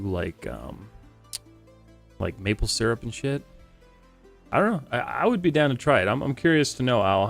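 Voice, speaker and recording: A man's voice: on the low side, vocal fry. A man chatting casually on a live stream, rambling and joking while reading chat aloud. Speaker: livestreamer. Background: music playing on stream.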